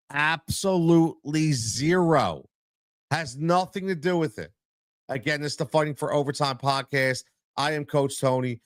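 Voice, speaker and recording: A man's voice: medium pitch, no echo, clean studio sound. A man hosting a solo sports podcast as a coach, talking emphatically and repeating his points for stress.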